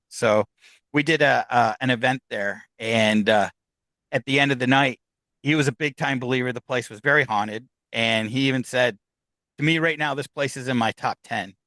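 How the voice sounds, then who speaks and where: A man tells of his ghost hunts in an easy conversational way, his tone bright and ringing. The sound is close and dry, with no room around it. He acts out the lines of the people in his stories. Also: medium pitch, no echo, poor audio. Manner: animated anecdotes, acts out quoted dialogue. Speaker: guest, paranormal investigator. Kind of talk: casual storytelling interview.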